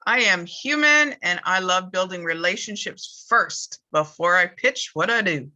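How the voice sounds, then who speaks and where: A woman from western Canada warmly introducing herself on a video call. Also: lowish voice, animated, a little slow, dull audio.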